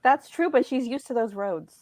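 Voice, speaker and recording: A woman co-hosting a casual wrestling podcast, animated and quick to laugh. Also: on the high side, a crowd in the background. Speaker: podcast co-host.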